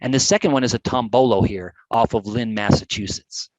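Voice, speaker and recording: Man, animated webcast presenter, mid-pitched voice, dry close mic. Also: brisk, dry recording, low-quality recording. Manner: animated, chatty, with playful put-on voices. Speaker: GIS educator presenting a webcast. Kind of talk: enthusiastic live webcast presentation.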